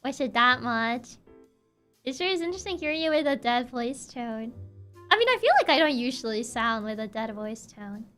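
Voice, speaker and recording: Young woman streamer, high soft-spoken voice, sassy n giggly, faint music behind. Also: expressive, normal speed. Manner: laughs often, sassy, playful. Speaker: VTuber streamer. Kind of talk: casual livestream chat, reading chat aloud.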